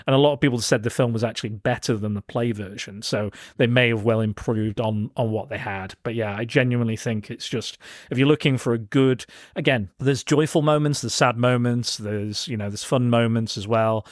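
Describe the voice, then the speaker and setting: A man's voice: mid-range voice, brisk, dry recording, studio quality. A man hosting a podcast, talking earnestly in a casual way and leaning on "again" as a filler. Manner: earnest, repeats "again" often. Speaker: podcast host.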